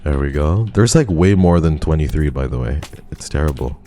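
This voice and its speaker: A man's voice: extremely low pitch, animated, normal speed, mellow, a little hiss or hum. A male streamer giving live commentary on a game, talking to his chat and swearing in frustration.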